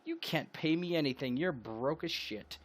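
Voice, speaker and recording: A man's voice: mid-range voice, expressive, slow, fairly bright tone, slight background noise. A man voicing a stout, scornful woman who works as a wet nurse, in a tabletop game. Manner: scornful, haughty.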